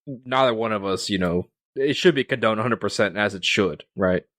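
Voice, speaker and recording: A man's voice: on the low side, normal speed, fairly bright tone, no echo, studio quality. Rambling young man hosting a podcast. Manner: rambling, many restarts and fillers. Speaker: podcast host. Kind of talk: casual sports podcast chat.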